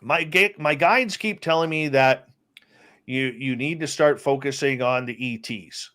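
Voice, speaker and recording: A man's voice: medium pitch, a little slow, sharp tone. A man imitating a pushy French-Canadian friend. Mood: insistent. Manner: pushy, matter-of-fact.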